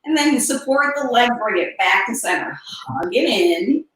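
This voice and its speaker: A woman teaching a one-on-one yoga session, cueing poses and breathing with calm, unhurried instruction and soft breathy asides. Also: on the high side, far from the mic. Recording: echoey room, voice a bit off-mic.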